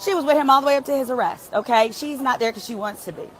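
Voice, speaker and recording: A fired-up woman reporting live, her voice pitched a little high. She talks in an emphatic, indignant rush and swears freely. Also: quick pace, slight background noise. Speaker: commentator reporting from a trial. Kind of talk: casual live commentary.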